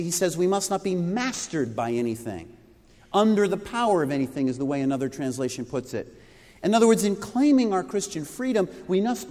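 A man's voice: sits high, a little mellow. A male pastor preaching a sermon, teaching with rhetorical questions. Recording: reverberant hall recording.

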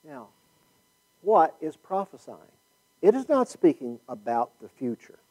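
A man leads a Bible class in a loose, conversational way. His voice sits a bit higher than most men's, and he thinks out loud and keeps turning questions back to the group. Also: big pitch swings, unhurried, low-quality recording. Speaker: Bible study teacher.

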